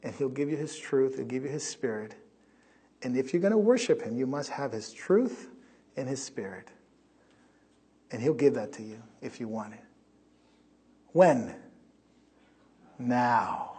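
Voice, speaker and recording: A male pastor preaching a sermon in a church, emphatic, swinging from loud peaks down to a hush. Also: medium pitch, husky. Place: church sanctuary.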